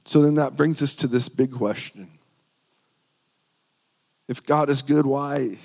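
A man's voice: medium pitch, fairly even intonation, a little slow, darkish tone, big-room sound. A man preaching a sermon, reading scripture aloud and repeating phrases for emphasis.

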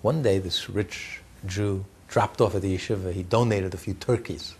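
A man teaching a religious class in a lively, conversational way. He swings between loud and soft, chuckles often and repeats words as he explains. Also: low-pitched, moderate pace, a little hiss or hum.

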